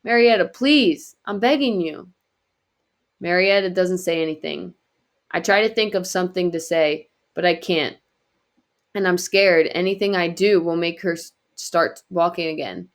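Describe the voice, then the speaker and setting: A woman reading a novel aloud in quiet, earnest first-person narration. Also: lowish voice, steady tone, moderate pace. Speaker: audiobook reader.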